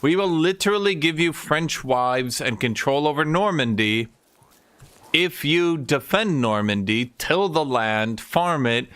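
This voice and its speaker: Man putting on a panicked french envoy, high and loud, frantic, bright dry sound. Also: animated, a little slow.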